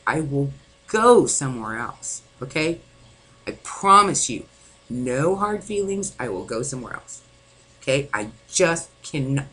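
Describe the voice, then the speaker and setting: Husky, tense voice venting angrily. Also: mid-range voice, a bit bright, low-quality recording. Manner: angry, frequent swearing; rambling, many "you know" fillers. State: distraught. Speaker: vlogger. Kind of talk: venting personal monologue.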